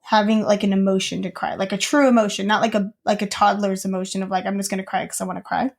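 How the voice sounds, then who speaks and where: A woman's voice: medium pitch, little pitch movement, quick pace, creaky. A young woman co-hosting a podcast, telling a childhood story in casual chat with lots of fillers. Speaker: podcast co-host.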